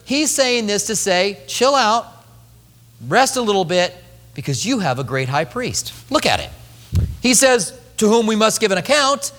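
A man's voice: high-pitched, sing-song, moderate pace, pushed and bright. A man in his fifties preaching a sermon, chatty and joking with the congregation. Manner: conversational, joking asides to the congregation. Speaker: pastor. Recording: echoey hall reverb.

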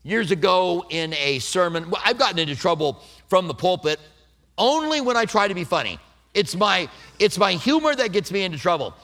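Speaking at a normal speed, this middle-aged male pastor keeps his sermon relaxed and conversational, with occasional self-deprecating jokes. His pitch sits a little high and swings through a very lively melody. He moves between warm explanation and light storytelling without losing the thread.

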